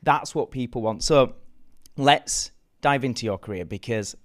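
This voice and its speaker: A man hosting an interview podcast, praising his guest in an earnest, measured way and guiding the chat. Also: mid-range voice. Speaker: podcast host.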